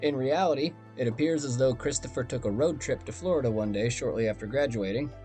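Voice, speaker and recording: A man's voice: medium pitch, fast, mellow, faint music behind. A man hosting a storytelling podcast, talking in a conversational, wry and self-deprecating way. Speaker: podcast host and narrator.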